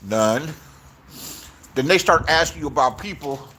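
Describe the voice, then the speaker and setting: A man's voice: a little high, animated, a little slow, pushed and bright, slight background noise. A man in his sixties from Inglewood, telling rambling, profane stories in a casual vlog and acting out the voices he quotes, recorded outdoors. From Inglewood, Los Angeles, USA. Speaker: YouTuber.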